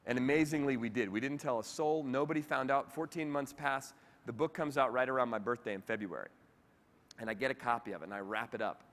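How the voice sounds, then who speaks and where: A man giving a keynote speech on stage, telling a heartfelt story with animated delivery. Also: mid-range voice, racing. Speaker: keynote speaker. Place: large convention hall, on stage. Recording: echoey convention hall.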